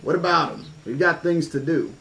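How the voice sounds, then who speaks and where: A man voicing a gruff, impatient tough man in a spoken storybook reading. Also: a little high, expressive, moderate pace, sharp tone, pitched above the performer's own voice, full character voice, rough recording. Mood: curt.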